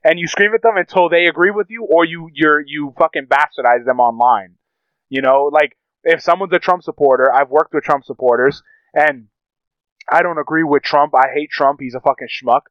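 A man's voice: on the high side, moderate pace, smooth, dry recording, dull audio. A man co-hosting a podcast, talking in a casual, profane and rambling way, telling stories with animation. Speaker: podcast co-host. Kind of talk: casual chat.

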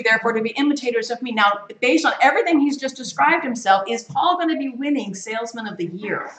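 Animated woman teaching a Bible study. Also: a little high, fast talker, hardly any pauses. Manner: animated, emphatic, reads scripture aloud with rising stress. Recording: echoey room.

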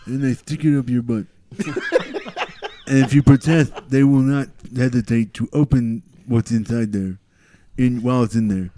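A man's voice: mid-range voice, steady tone, normal speed, warm tone, a little hiss or hum. A man in casual comedy banter who slips into exaggerated character rants.

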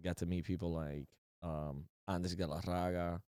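A man with a low, mellow voice joins a casual podcast conversation, teasing the host and telling his own stories. His tone is smooth and resonant. The recording is dry and close. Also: flat delivery, normal speed, no echo. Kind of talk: casual chat.

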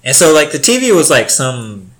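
A man's voice: mid-range voice, sing-song, moderate pace, fairly bright tone. A young man telling a rambling, profane story in casual chat, full of filler words.

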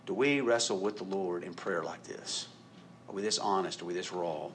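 A man preaching a sermon in an animated way, acting out quoted voices and rising to loud emphatic peaks. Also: low voice, moderate pace, a little hiss or hum. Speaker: pastor.

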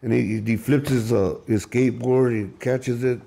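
A man's voice: mid-range voice, steady tone, moderate pace, creaky, dark tone. A man telling his recovery story in an emphatic, profane, emotional way, often repeating and restarting his words. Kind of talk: candid storytelling.

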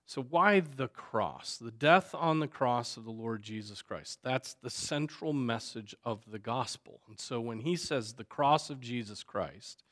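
A man, a pastor, teaching a Sunday school class in a conversational way, often stopping to ask "right?" and filling pauses with "um" and "you know". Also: medium pitch, expressive, fairly bright tone. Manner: conversational, many fillers and tag questions. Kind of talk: unscripted Bible class teaching.

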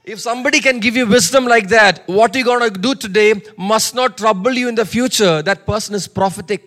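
High-voiced, emphatic male preacher. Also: a little fast, fairly bright tone. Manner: emphatic, repeats lines, calls for audience response. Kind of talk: sermon.

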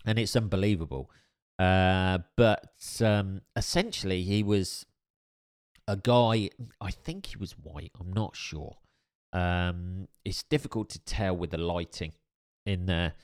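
A man's voice: sits low, slow, clean tone. A man telling a story in casual chat, wry and rambling, with many fillers and restarts. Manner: dry, wry humor.

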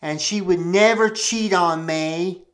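A man's voice: high voice, takes it slowly. A man playing a jealous, paranoid husband who rants and curses with indignation. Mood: aggrieved. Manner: cursing, ranting, indignant. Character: jealous, profane, paranoid middle-aged husband. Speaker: podcast pastor host. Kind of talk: comedic monologue performed in character.

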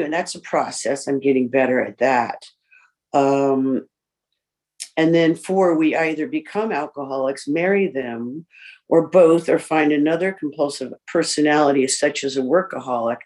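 A woman giving a candid personal share in a recovery group, reflective and pausing often with fillers. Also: low-pitched, darkish tone. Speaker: speaker sharing in a recovery group. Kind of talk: personal recovery share, reading list points.

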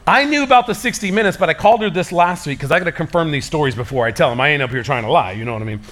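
A male pastor delivers a sermon in a lively, conversational way, full of casual slang. His voice sits a little on the high side for a man. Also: racing.

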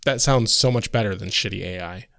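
A man's voice: fairly low pitch, brisk, vocal fry, fairly bright tone, dry recording. A male podcast co-host chatting casually about a TV episode, joking and swearing offhandedly. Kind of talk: casual episode recap chat.

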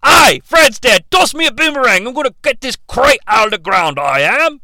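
A man voicing a rowdy male construction worker in an exaggerated mock Australian accent, loud and hammy. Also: extremely high pitch, very animated, normal speed, gravelly, no room sound, studio quality, pitched above the performer's own voice, full character voice.

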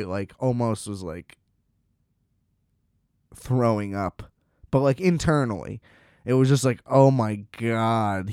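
A man's voice: medium pitch, a little mellow, no room sound, clean studio sound. A man casually telling a rambling, self-deprecating story, often laughing at himself.

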